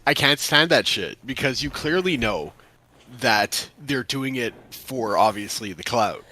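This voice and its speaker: Sarcastic dude on a game stream, bright tense voice, swears, sounds fed up. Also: male voice, medium pitch, lively intonation, measured pace. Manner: exasperated, profane, sarcastic. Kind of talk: casual chat over gameplay.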